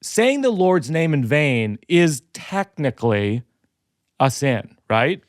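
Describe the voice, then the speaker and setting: A man's voice: fairly high pitch, sing-song, slow pace, no room sound, studio quality. A man hosting a comedy podcast, talking casually and thoughtfully, searching for his words as he goes.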